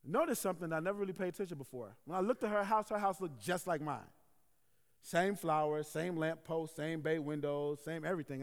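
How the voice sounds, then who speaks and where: A male pastor telling a story in a sermon, animated and acting out scenes with sound effects, in a large worship hall. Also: fairly high pitch. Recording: echoey hall.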